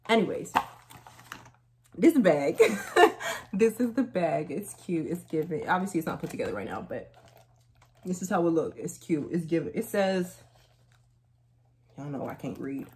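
A young woman chatting casually through a try-on haul, telling stories in lively slang. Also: low voice, normal speed, pauses often, a little hiss or hum. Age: young adult. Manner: chatty, animated storytelling with slang. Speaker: vlogger.

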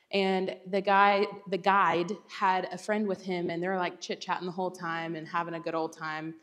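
A woman's voice: on the low side, little pitch movement, normal speed, few pauses, fairly bright tone. A young woman, giving a chatty, self-deprecating Bible talk with frequent laughter. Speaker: church speaker. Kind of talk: casual Bible teaching talk.

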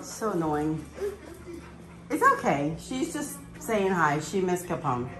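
A woman vlogging with her dogs on a phone, giggling and cooing to them in high baby talk. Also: lively intonation, takes it slowly, music in the background. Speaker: dog owner vlogger. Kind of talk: casual vlog chat.

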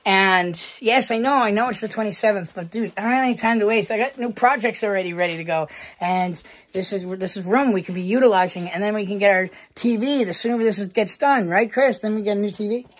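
A woman's voice: medium pitch, a little fast. Blunt, foul-mouthed American woman vlogging. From United States. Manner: blunt, heavily profane, talks straight to viewers. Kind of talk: casual vlog talk to camera.

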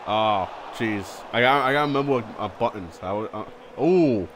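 Excitable male game streamer. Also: lowish voice, moderate pace, slight background noise. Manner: excitable, repeats words, yelps in surprise. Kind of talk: live gameplay chat.

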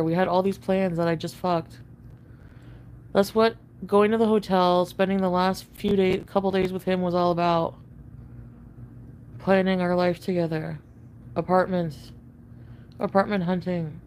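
A woman venting to camera in a rambling, profane confessional rant. She says she is high on an edible, and her speech is full of fillers and restarts. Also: a little mellow, slight background noise. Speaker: online video creator.

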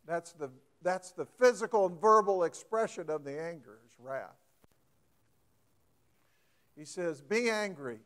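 Folksy preacher man, high voice. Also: unhurried, pauses often. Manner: folksy, asks the congregation questions, lively emphatic shifts. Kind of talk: sermon.

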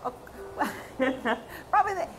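A woman attendee joining a casual chat, talking in a chatty way and telling anecdotes with quick asides. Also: soft background music, low-quality recording. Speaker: event attendee.

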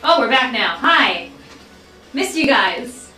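A woman's voice: fairly high pitch, big pitch swings, slow pace, sharp tone, echoey room, distant mic, soft background music. A woman co-hosting a show, chatting casually and clowning around while the mic gets checked. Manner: playful, sings and clowns around. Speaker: podcast co-host. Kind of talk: casual chat before going live.

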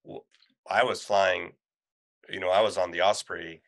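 Deep, bright-toned man, measured. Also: fairly even intonation. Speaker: guest, corporate pilot. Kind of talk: casual conversation.

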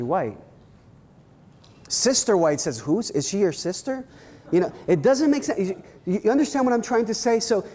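A male pastor telling church stories in an animated, restart-filled way. His voice sits a little high but sounds mellow and soft-edged. The room rings with a long hall reverb. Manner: animated storytelling with many restarts. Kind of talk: workshop talk with personal stories. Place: church hall at a leadership weekend.

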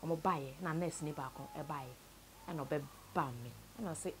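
A Ghanaian woman with a somewhat low voice tells a painful story from her own life. She mixes Twi and English and often drops to a quiet, sunken tone. A faint noise sits under the recording. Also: a little slow. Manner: tells a sad story, switches between Twi and English, voice sinks low and soft. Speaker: interviewee. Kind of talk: personal story told to camera.

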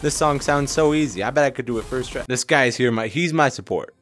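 A man's voice: medium pitch, fast talker, a bit bright, faint music behind. A young man giving playful, melodramatic commentary while playing a video game, joking with himself and others. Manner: joking, exaggerated, melodramatic outbursts. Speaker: gaming streamer.

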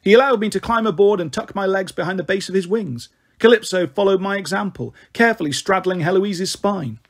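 A man narrating an audiobook with wry, dramatic flair. His voice is high-pitched and husky, with a breathy rasp. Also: a little fast. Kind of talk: first-person story reading.

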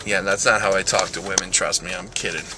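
A man's voice: low-pitched, steady tone, fast, noisy background. A young man vlogging casually, joking, rambling and making fun of himself. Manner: joking, rambling, self-mocking. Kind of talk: casual vlog.

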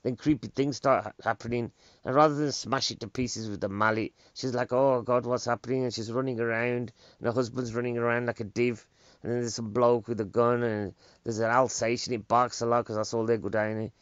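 A British comedian in a casual comedic monologue, ranting with sarcastic exasperation. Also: male voice, mid-range voice, level tone, brisk, a bit bright, dry recording. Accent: British English. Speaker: stand-up comedian. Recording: dull, dry lo-fi recording.

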